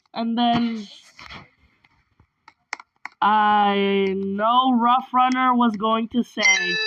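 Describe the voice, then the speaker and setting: A woman on her vlog tells a long, rambling personal story, tying each event together with "and then." Her pitch is fairly high and her pace slow. The recording is muffled, with a little hiss or hum.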